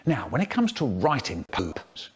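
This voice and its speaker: A man, a children's poet telling stories and giving writing tips in an expressive storyteller's manner. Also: measured pace, husky. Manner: animated, expressive storyteller with big swoops in pitch. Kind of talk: storytelling talk, chopped into a comedy remix.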